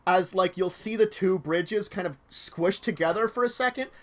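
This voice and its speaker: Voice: medium pitch, moderate pace. A game master narrating a tabletop game, rambling with many fillers and little laughs.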